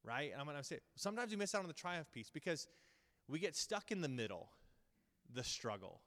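A man's voice: on the high side, big pitch swings, fairly quick, a bit bright. A man in his thirties preaching a casual, earnest sermon to his Bible school group, rambling with many fillers and restarts. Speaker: pastor teaching a Bible school series. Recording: long reverb of a large hall.

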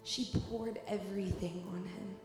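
A woman exhorting during worship, her voice sitting at an ordinary middle pitch. She talks in loose, repeating phrases packed with "like". Her words ring heavily through a large, echoey hall with a long reverb. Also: steady tone, unhurried. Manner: repetitive, filler-heavy with "like". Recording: very echoey hall with soft music.

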